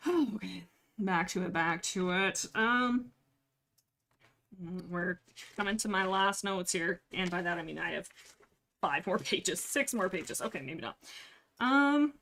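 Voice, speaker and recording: Woman, livestream host, casual book discussion, rambling, playful, sarcastic, mid pitch, desk mic. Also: expressive, slow pace, pauses often, a bit bright.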